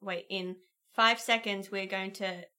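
A woman co-hosting a casual worldbuilding podcast. She giggles often and adds quick asides while reading aloud. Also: mid-range voice, steady tone, sharp tone. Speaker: podcast co-host.

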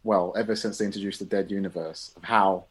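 A man in casual conversation, easygoing and quick to laugh, explaining his view at length. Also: low-pitched, fairly even intonation, breathy edge. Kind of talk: casual chat.

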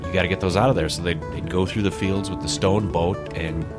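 A man's voice: low voice, steady tone, a little fast, loud music behind the voice. A man hosting a casual chat, telling family stories in a rambling way, repeating words and acting out quotes. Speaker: podcast host.

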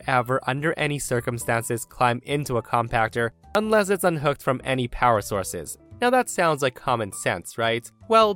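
A man's voice: medium pitch, a bit bright. A man hosting a podcast, reading forum stories aloud in an upbeat, chatty way and calling his listeners guys. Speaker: podcast host and story narrator.

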